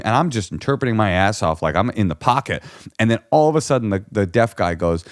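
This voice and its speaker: A man's voice: medium pitch, normal speed, dry recording, clean studio sound. A man telling a comic story in casual chat, acting out the people in it. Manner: animated storyteller, acts out shouting characters. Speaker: comedian guest.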